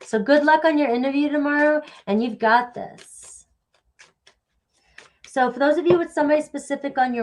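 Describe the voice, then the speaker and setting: A woman's voice: fairly high pitch, darkish tone. A woman giving a casual live tarot reading, chatty and rambling, with a sniffly stuffy nose. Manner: chatty, rambling, thanks viewers by name. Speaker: tarot reader.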